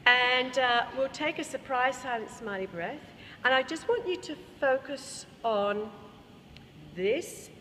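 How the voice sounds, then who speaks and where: A woman's voice: sits high, expressive, slow, bright, forceful tone. An Australian woman leading a choir workshop, explaining vocal technique and singing short examples. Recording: reverberant hall, faint room noise.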